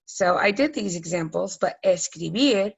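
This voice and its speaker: A woman's voice: lowish voice, lively intonation, moderate pace, creaky, slightly rough, low-quality recording. A woman teaching a recorded Spanish grammar lesson, explaining patiently step by step with frequent ums.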